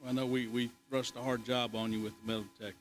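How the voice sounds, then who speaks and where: A man's voice: mid-range voice, little pitch movement, rapid-fire, faint music behind. Man speaking plainly at a board meeting. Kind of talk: meeting discussion.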